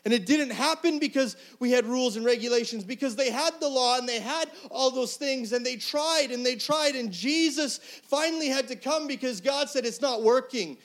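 A middle-aged pastor preaches an earnest, conversational sermon that swings between soft, hushed lines and loud, emphatic ones. His voice is very high-pitched, and he speaks at a moderate pace with few pauses.

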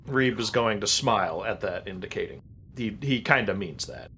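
A man's voice: on the low side, lively intonation, moderate pace, bright, forceful tone, slight background noise. Dry, sardonic man roleplaying. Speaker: tabletop game player. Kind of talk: in-character roleplay.

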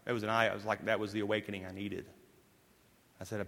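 A man preaching a sermon as pastor, telling stories emphatically and moving between forceful lines and hushed ones. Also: fairly low pitch, flat delivery, fast talker, creaky. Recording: long hall reverb.

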